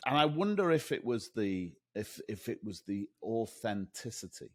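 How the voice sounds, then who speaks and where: A man co-hosting a sales podcast in casual chat, rambling and animated, with many restarts. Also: fairly low pitch, moderate pace. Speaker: podcast co-host.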